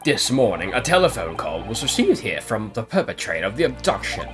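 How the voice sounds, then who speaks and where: A man voicing a pompous, eccentric gentleman detective in a game, with flowery, self-assured speech. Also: on the low side, very animated, brisk, over music. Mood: grandiose. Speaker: game streamer reading dialogue.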